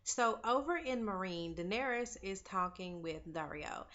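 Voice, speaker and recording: A young woman who vlogs TV recaps casually goes over an episode in a medium-pitched, slightly bright voice with lively intonation and an unhurried pace. Chatty and opinionated, she addresses viewers like friends as "girl" and "y'all". The highs are cut off.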